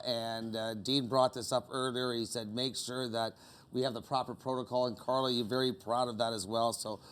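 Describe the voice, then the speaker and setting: A man's voice: medium pitch, level tone, normal speed, a bit bright, clean tone. Rambling, self-mocking man telling stories. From Canada. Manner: rambling, many "you know" fillers, self-mocking. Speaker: interview guest. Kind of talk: casual anecdotes. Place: music club venue.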